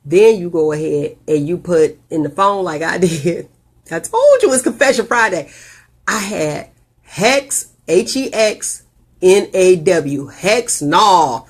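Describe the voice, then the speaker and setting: A woman hosting a casual live video show, telling stories with animated, jumpy delivery and big leaps in pitch on quoted lines. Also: takes it slowly, husky. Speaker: host.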